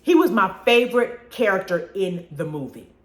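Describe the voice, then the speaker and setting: A woman's voice: medium pitch, big pitch swings, normal speed. A woman hosting a solo movie review show, talking casually and expressively with slang, restarts. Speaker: podcast host reviewing movies. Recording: roomy echo.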